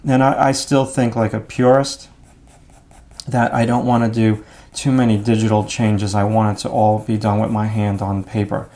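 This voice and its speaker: A man explaining his drawing steps out loud as he works, in a relaxed, thinking-aloud way. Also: lowish voice. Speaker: art instructor. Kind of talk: drawing demonstration.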